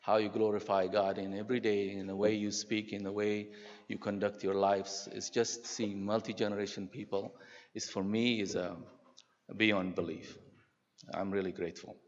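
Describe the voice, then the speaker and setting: Older pastor preaching in an echoing hall. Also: male voice, lowish voice, level tone. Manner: earnest, halting with restarts. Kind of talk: sermon. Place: church sanctuary. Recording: dull sound with long hall reverb.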